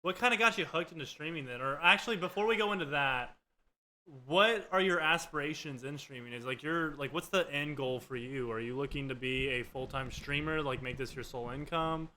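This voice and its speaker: A man's voice: fairly high pitch, brisk, bright, forceful tone. A man hosting a casual podcast, asking loose, chatty questions. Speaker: podcast host. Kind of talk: casual interview.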